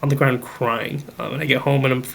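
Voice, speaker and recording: A man's voice: medium pitch, brisk, creaky. A young man, a podcast guest, telling a family ghost story in casual chat, full of "like" and "um" and acting out the dialogue he quotes. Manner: animated, acts out quoted dialogue; many fillers like "like" and "um".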